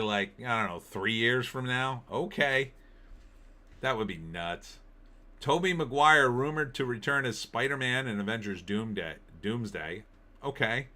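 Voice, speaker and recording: Bright-voiced opinionated male commentator. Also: mid-range voice. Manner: opinionated, rambling, reacts to headlines and chat. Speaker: political commentary host. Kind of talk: casual live-stream commentary.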